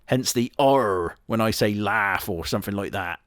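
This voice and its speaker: A man playing a deadpan boastful wolf. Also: fairly low pitch, normal speed, no room sound, studio quality, lightly acted. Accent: Southwest English. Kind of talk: comedy sketch character monologue.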